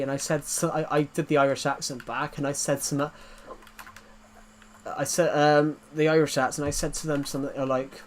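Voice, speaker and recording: A man's voice: fairly high pitch, steady tone, fairly quick, a little hiss or hum. A man chatting casually while streaming a game, telling rambling anecdotes and laughing at his own jokes.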